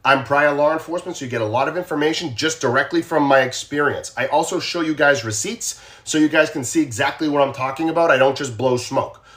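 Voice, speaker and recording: A man's voice: a little high, quick pace, hardly any pauses, fairly bright tone. A man with a Boston accent hosting a casual true crime livestream, talking straight to viewers and repeating his questions to them.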